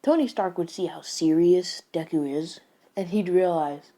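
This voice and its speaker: A woman's voice: lowish voice, measured pace, mellow. A woman improvising a casual story, rambling and hesitant with many restarts. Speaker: fan storyteller.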